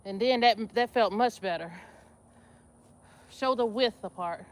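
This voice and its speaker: A woman's voice: a little high, measured pace. A woman, chatting with viewers on a live stream while she does squats, laughing and calling out to the audience. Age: 50s. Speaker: livestream host. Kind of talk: casual live exercise chat.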